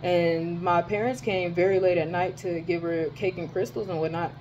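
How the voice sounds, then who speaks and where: A young woman telling a rant in a casual vlog from her dorm, animated and profane, her voice jumping high when she exclaims. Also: moderate pace, highs cut off, slight background noise. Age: young adult. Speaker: vlogger.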